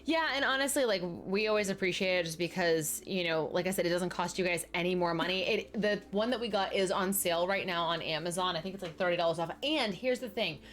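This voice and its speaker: A woman's voice: on the low side, a little fast, few pauses, a bit bright. A young adult woman streaming a life-sim game, chatting casually and talking straight to her viewers. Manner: chatty, talks straight to the chat and answers viewers by name.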